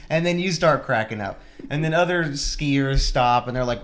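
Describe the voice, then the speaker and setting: A young man co-hosting a podcast, telling a story in a casual, laughing, animated way. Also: fairly high pitch, moderate pace. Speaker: podcast co-host.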